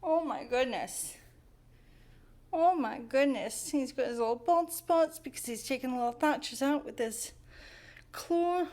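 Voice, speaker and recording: A woman's voice: a little high, a little mellow. A woman talking to her cat at home in cooing baby talk, in a casual vlog. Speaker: cat owner. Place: home, at the front door.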